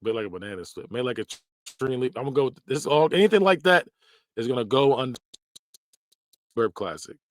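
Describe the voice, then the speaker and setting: A man's voice: mid-range voice, lively intonation, fast talker, long pauses. A man hosting a podcast, chatting casually and laughing often as he reacts, sometimes mimicking phrases in exaggerated voices. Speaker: podcast host.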